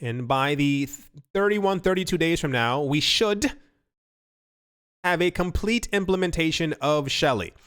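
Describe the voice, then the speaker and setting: A man's voice: fairly high pitch, animated, measured pace, a bit bright, clean tone. A man hosting a casual crypto news commentary, rambling and restarting his sentences often. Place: home recording setup. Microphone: studio mic.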